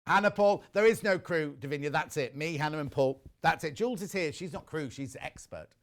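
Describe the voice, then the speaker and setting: A man presenting a live shopping channel broadcast, chatting as he reads out viewer messages with quick asides. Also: a little high. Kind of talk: live TV sales chat.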